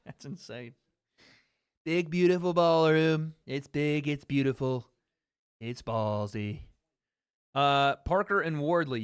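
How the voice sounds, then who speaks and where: A man's voice: a little high, slow pace, long pauses, clear, resonant tone, dry recording, clean studio sound. A man hosting a casual livestream, chatting loosely with his viewers, joking and repeating himself. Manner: loose and chatty, talks straight to chat, jokes and repeats himself. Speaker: livestream host. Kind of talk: casual livestream chat reacting to fight chat.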